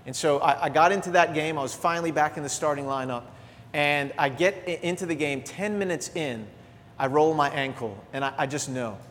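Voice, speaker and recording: A middle-aged man preaches a sermon in a church sanctuary, his voice sitting a little high for a man. He swings between lively exhortation and soft, confessional asides. The sound carries a long reverb from the hall. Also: brisk, slight background noise. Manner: energetic preaching, animated, drops to soft asides. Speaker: pastor.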